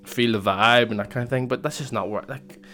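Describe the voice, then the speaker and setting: A man's voice: medium pitch, a little fast, bright, forceful tone, faint music behind. A young man casually telling a personal story, rambling with lots of fillers and restarts. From Northern Ireland.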